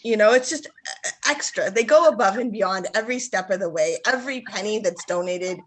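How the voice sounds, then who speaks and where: A woman's voice: mid-range voice, brisk, slight background noise, low-quality recording. A woman guest chatting casually on a video call, enthusiastic as she praises a cause. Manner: enthusiastic and warm-hearted. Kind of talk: casual chat.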